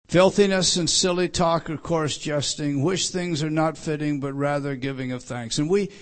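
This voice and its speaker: A man preaching an expository sermon, emphatic, often repeating himself and restarting sentences. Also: a little high. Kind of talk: expository sermon on a Bible passage.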